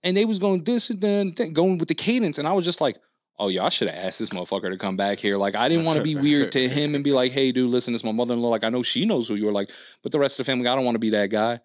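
A man telling a long story on a podcast, with plenty of swearing and fillers. He acts out the other people in the story as he goes. His voice sits at a middle pitch and the sound is dry and close. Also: racing, dry recording. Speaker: podcast co-host. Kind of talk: casual storytelling chat.

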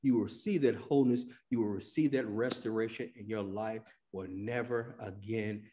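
A man preaching a sermon as pastor, rising to loud emphatic lines and dropping to hushed ones, sometimes acting out quoted voices in colloquial speech. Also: fairly low pitch, moderate pace. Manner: dynamic preacher, swings between loud emphasis and hushed drops.

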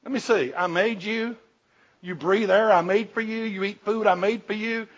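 Man doing almighty God with a drawl, scornful and folksy, high voice, dull lo-fi recording. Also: moderate pace. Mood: mocking. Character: almighty God, male, amused and mocking.

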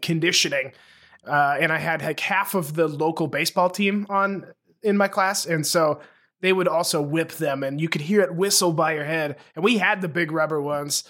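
Higher-voiced laid-back male podcast host. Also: normal speed, fairly bright tone. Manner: laid-back, laughs easily. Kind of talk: casual chat.

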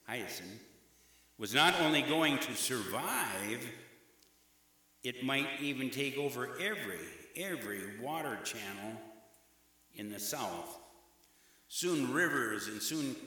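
A man's voice: medium pitch, pushed and bright. Preacher man in an echoing hall. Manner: emphatic and rhythmic, with repeated phrases. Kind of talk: sermon. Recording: echoey hall with long reverb.

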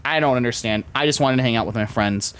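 A man's voice: mid-range voice, quick pace, fairly bright tone, clear, resonant tone. A man hosting a podcast, telling rambling stories in casual chat with many fillers. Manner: rambling storyteller, heavy use of filler "like". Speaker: podcast host.

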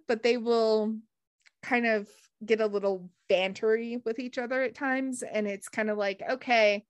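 A woman, a podcast guest telling a story in a lively, laughing way. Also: on the high side, no room sound. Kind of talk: casual interview storytelling.

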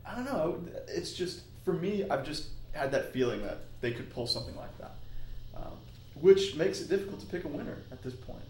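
A man's voice: on the high side, lively intonation, a little fast, darkish tone. Guy rambling about wrestling picks, keeps restarting sentences, roomy echo, faint hum behind. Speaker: podcast co-host. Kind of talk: casual wrestling chat.

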